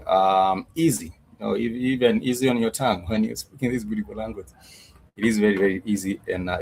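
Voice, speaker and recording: Low-voiced man teaching a language class. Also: a little mellow, a little hiss or hum, poor audio. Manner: patient, repetitive, drills words slowly with many fillers. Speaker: Swahili teacher. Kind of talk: online language lesson.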